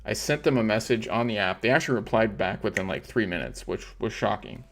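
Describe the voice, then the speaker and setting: A man's voice: lowish voice, brisk, fairly bright tone, slight background noise. Swearing, frustrated male livestream host. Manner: frustrated, heavy swearing, ranting. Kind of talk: casual livestream rant.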